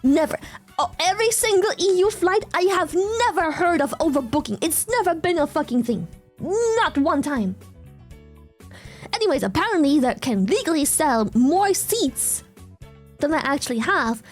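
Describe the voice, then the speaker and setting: A woman from Germany chatting casually on stream, telling stories in an excitable, animated way and swearing freely. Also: extremely high pitch. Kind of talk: casual chat.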